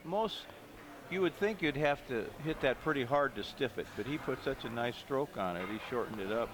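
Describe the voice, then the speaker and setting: A man's voice: medium pitch, expressive, moderate pace, background noise. A man commentating a pool match live, analyzing each shot and thinking aloud, often trailing off mid-sentence.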